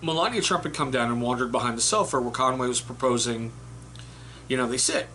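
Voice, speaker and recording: A man's voice: medium pitch, brisk, sharp tone, a little hiss or hum. A man, an Army veteran, giving a blunt, chatty book review and reading passages aloud. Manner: blunt, chatty, swears casually. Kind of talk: casual spoken book review.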